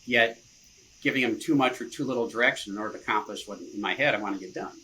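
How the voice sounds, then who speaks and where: A man's voice: lowish voice, fast talker, pushed and bright, low-quality recording. A man, a marketing director, chatting casually as a podcast guest in an easygoing way, often chuckling and saying "you know". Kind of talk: casual interview chat.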